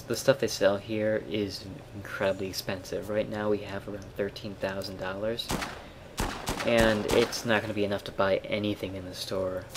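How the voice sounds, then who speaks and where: A man with a fairly low voice talks through a video game as he plays it. His commentary is relaxed, explanatory, and dotted with wry asides. Game sounds and gunfire are clearly heard under his voice. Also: background noise. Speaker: let's play commentator. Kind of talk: casual gameplay commentary.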